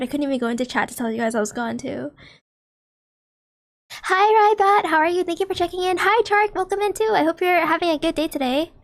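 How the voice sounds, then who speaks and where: A young adult woman streaming from home, chatting straight to her viewers in an excitable, giggly way. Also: high voice. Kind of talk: casual livestream chat.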